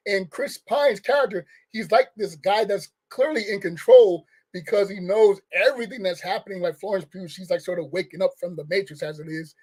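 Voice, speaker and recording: A man's voice: high-pitched, brisk, few pauses, a little mellow. A man giving a casual, rambling movie review rant, firing off questions with restarts and short laughs. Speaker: film reviewer.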